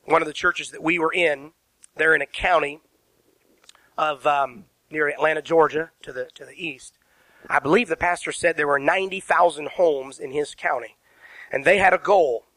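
Pastor, male, emphatic sermon delivery, tense bright tone, dry close sound. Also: a little high, fairly even intonation, normal speed, dry recording, poor audio. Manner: emphatic preaching with rhetorical questions, spells words out. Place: church sanctuary.

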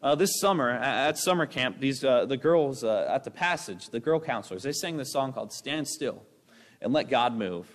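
A young man preaching a sermon with a rambling, energetic delivery, breaking into acted-out voices. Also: medium pitch, moderate pace. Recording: long hall reverb.

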